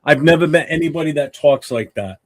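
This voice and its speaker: A man's voice: a little high, fairly quick. A man co-hosting a sports podcast, talking bluntly and swearing freely. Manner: blunt, profane. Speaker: podcast co-host. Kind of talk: casual sports chat.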